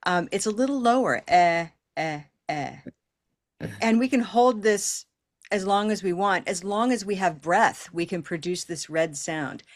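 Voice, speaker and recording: A woman leading an online pronunciation class over a video call, encouraging and repeating words slowly for learners to copy. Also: medium pitch. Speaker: pronunciation teacher.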